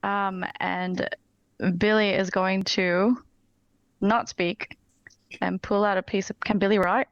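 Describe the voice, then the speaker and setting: A woman's voice: mid-range voice, level tone, slow pace, pauses often, clear, resonant tone, dry recording. Hesitant woman player, dull dry sound. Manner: hesitant, laughing, reading rules aloud. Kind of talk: tabletop game play.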